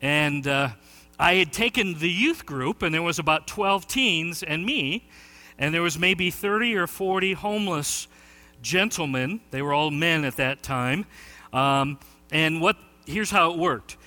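Pastor, male, high bright voice, lively storyteller, echoing sanctuary. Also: measured pace. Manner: animated storytelling, shouting quoted lines. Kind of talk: sermon.

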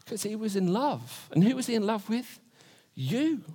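Earnest high-voiced young preacher man. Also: big pitch swings, moderate pace, dark tone, husky. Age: 20s. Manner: earnest, repeats rhetorical questions. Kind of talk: sermon.

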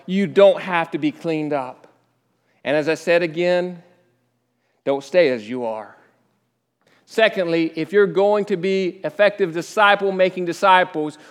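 A man preaching a sermon, reading scripture dramatically with sudden rises and hushed drops. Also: sits high, clean tone. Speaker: pastor. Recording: echoey hall.

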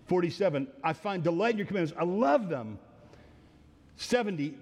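A man's voice: high-pitched, expressive, moderate pace. Earnest preacher man in a reverberant hall. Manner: earnest, repeats phrases, restarts and chuckles. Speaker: pastor. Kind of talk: sermon teaching through a psalm.

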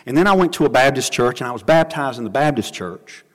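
An earnest male pastor preaching in a church, his mid-pitched voice carrying a long, ringing reverb. He drops low and quiet for scripture and personal stories. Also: animated, quick pace. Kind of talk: sermon. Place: church sanctuary.

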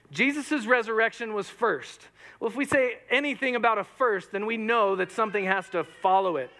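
A man preaching a sermon in a church, animated and joking, acting out quoted lines. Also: sits high. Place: church hall with audience. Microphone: microphone.

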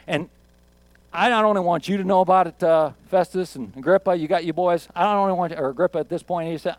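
A male pastor with a notably high voice preaches at normal speed in a relaxed, joking way, repeating words for emphasis. The recording is dry and close, with no room sound.

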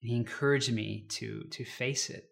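A man speaking as a pastor, reading scripture and then sharing a personal story in a gentle, reflective way. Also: mid-range voice, fairly even intonation, moderate pace, vocal fry. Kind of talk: devotional sermon.

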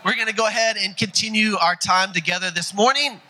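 A man's voice: high voice, a little fast, sharp tone, slight background noise, low-quality recording. A man introducing a guest speaker at church in an upbeat, enthusiastic way, with many fillers. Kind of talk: welcome and introduction.

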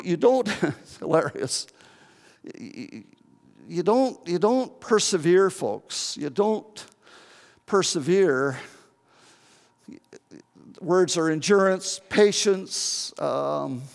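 A man's voice: high-pitched, creaky, long reverb tail. A man in his seventies preaching a sermon as pastor, earnest and often repeating and restarting his words. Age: 70s. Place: church.

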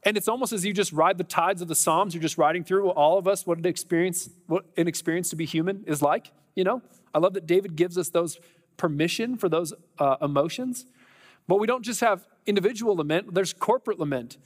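A man's voice: high voice, a little fast, big-room sound. A man preaching a sermon in a conversational, emphatic way, with lots of rhetorical questions to the congregation. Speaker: pastor.

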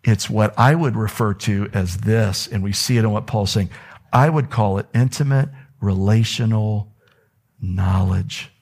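Unhurried and a little mellow, a man preaches as pastor in a church sanctuary, telling stories. He ranges widely in pitch and occasionally sinks to a whisper.

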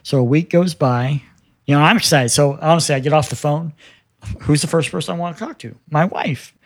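Speaking a little fast in a slightly high voice, a man in his fifties earnestly tells his life story in a casual interview, quoting the dialogue as he goes. There's no echo on the recording.

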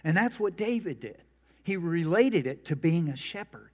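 A middle-aged preacher delivers his sermon in a folksy, storytelling way. His voice sits a bit higher than most men's, and he leans on jokes and homespun comparisons. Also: lively intonation, moderate pace. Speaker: pastor. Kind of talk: humorous sermon.

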